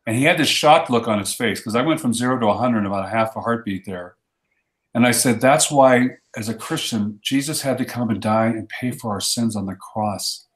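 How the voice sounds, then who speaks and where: A man's voice: mid-range voice, fairly quick, echoey room. A man in a casual chat who tells his stories with conviction and acts out the quotes. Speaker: ministry guest.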